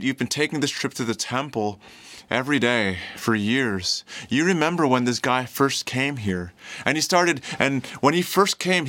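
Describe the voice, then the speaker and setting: A man preaching a sermon who retells a scripture scene as a vivid story and acts out the people in it. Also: medium pitch. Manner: animated, acts out scenes in quoted voices.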